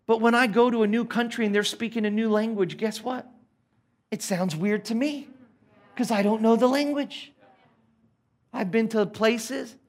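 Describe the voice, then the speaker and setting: An Australian pastor preaching a sermon at a church service, earnest and emphatic with playful asides. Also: male voice, very high-pitched, fairly even intonation, moderate pace, pauses often.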